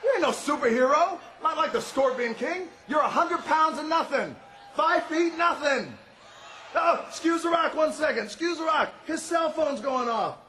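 Shouting in a high, animated voice at a normal pace, a male pro wrestler delivers a boastful promo, talking about himself in the third person. The recording carries the echo of a big indoor arena and a faint crowd.

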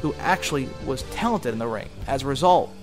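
A man's voice: mid-range voice, lively intonation, a little fast. A man narrating a wrestling retrospective in an informative, upbeat scripted style. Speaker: documentary narrator. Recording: narration over loud music.

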